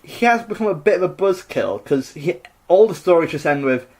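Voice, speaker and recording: A man's voice: on the high side, expressive, fairly quick, darkish tone. A man co-hosting a podcast, retelling a myth in a rambling, jokey way with lots of fillers. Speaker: podcast co-host. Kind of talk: casual comedic myth retelling.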